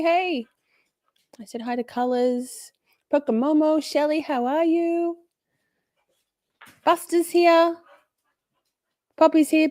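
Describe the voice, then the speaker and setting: A woman's voice: on the high side, a little mellow, no echo. Aussie lady on a live stream, bubbly and sweary, voice jumps all over, dry close sound. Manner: bubbly, sweary, greets chatters by name. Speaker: livestream host. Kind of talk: casual live-stream chat.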